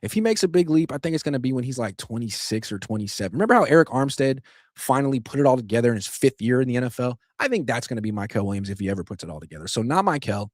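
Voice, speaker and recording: A man hosting a sports podcast, giving opinionated solo commentary in an animated, sarcastic way that jumps louder for emphasis. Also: medium pitch, very fast, no echo, studio quality.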